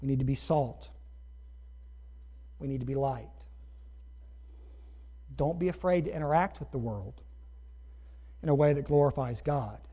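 A man's voice: mid-range voice, measured pace, long pauses, dark tone, slightly rough. A man from Ohio preaching a sermon as pastor, talking conversationally with rhetorical asides. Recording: dull muffled recording.

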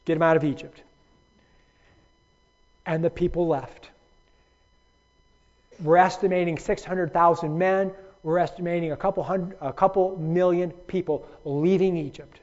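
A man's voice: fairly high pitch, steady tone, a little slow, pauses often, darkish tone. A man teaching a Bible study, reading scripture aloud and speaking emphatically to his listeners by name. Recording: dull lo-fi recording.

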